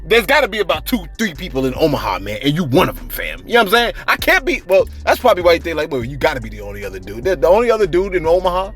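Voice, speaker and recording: A man's voice: high voice, fast, hardly any pauses, faint music behind. A man with a New York accent, commenting on celebrity news in a slangy, casual monologue to his viewers. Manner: slangy, animated, frequent "you know what I'm saying".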